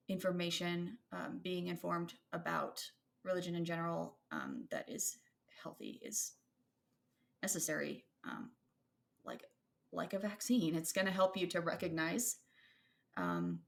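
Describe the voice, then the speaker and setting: A woman's voice: fairly low pitch, creaky. A woman in her thirties co-hosting a podcast, talking in a thoughtful, rambling way with many fillers and restarts. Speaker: podcast co-host. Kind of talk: casual conversational chat.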